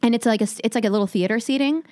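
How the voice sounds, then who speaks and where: A woman's voice: a little high, rapid-fire, warm tone, dry recording, clean studio sound. A woman comedian chatting casually, telling a long profane story and acting out what people said. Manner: profane storytelling, acts out quotes. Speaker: stand-up comedian. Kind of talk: casual podcast chat.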